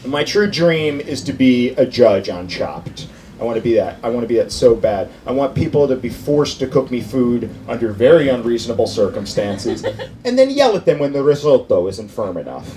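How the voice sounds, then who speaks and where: A man doing a stand-up comedy set on a club stage, animated and putting on voices for his bits. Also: mid-range voice, moderate pace, a little hiss or hum. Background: faint crowd laughter.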